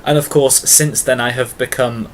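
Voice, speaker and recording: A man's voice: mid-range voice, fairly even intonation, normal speed, a little hiss or hum. A British man talking casually to camera in a tag video, long-winded and full of fillers, with self-mocking asides. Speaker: vlogger.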